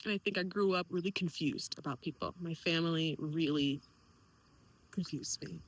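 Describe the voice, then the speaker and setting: A young woman speaking candidly in a personal vlog, emotional and animated, quoting others in lively voices. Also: deep voice, moderate pace, rough recording. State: tearful at times. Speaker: vlogger.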